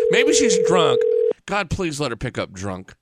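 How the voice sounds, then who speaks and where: A radio host with a high-pitched voice and huge pitch swings talks slowly through a loose, rambling monologue laced with profanity. Though recorded on a radio studio mic with dry, close sound, there's heavy background noise.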